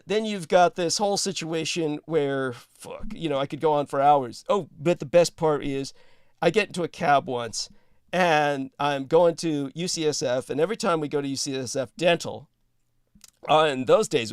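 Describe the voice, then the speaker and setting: A man with a high, smooth voice spins rambling anecdotes, swearing casually and laughing as he goes. The sound is dry and close, with almost no room around him. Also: dry recording. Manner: digressive, swears casually, laughs mid-sentence. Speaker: podcast host.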